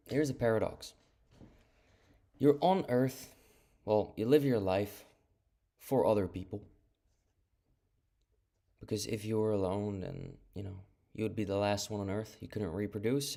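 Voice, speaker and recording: A man's voice: on the low side, lively intonation, measured pace, gravelly, pauses often, warm tone. A man ranting on a live stream in a casual, profane and dismissive way, rambling and restarting his sentences, talking into an earphone mic.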